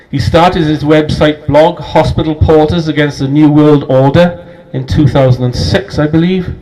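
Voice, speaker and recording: Host, male, slightly high voice, formal read-out introduction. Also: warm tone, low-quality recording. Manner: formal, announcing. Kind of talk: reading an introduction. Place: pub function room.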